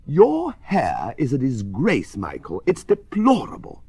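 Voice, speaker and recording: A man's voice: medium pitch, huge pitch swings, measured pace, a little mellow, slightly rough, dry recording, full character voice. A man playing a pompous, grumbling storybook father. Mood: scolding. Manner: stern, exasperated scolding.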